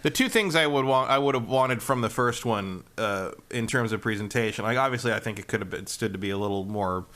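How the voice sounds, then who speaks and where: A man's voice: on the low side, fairly quick, hardly any pauses, a bit bright. A man co-hosting a casual gaming podcast, opinionated and searching for his words. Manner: opinionated, hesitant, many fillers and restarts. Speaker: podcast co-host. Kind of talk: casual chat.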